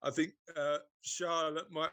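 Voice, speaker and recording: A man's voice: fairly high pitch, little pitch movement, unhurried, bright, forceful tone, clean tone, no room sound. A man co-hosting a podcast in casual chat, teasing and rambling with many fillers. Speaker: podcast co-host.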